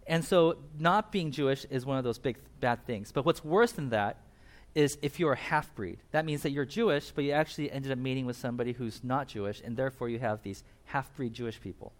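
In a relaxed sermon, a mid-range-voiced male pastor recounts a Bible story, breaking into lively asides and briefly voicing the characters.

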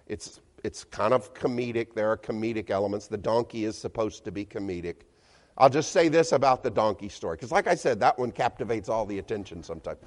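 Animated male pastor in a reverberant church. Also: fairly low pitch. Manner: conversational storytelling with chuckles. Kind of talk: sermon. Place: church hall. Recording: long church-hall reverb.

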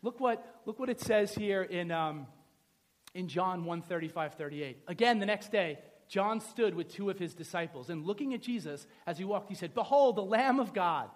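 Man, very high voice, pastor, animated sermon, conversational, joking. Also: normal speed. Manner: animated, conversational, joking, asks the audience "right?".

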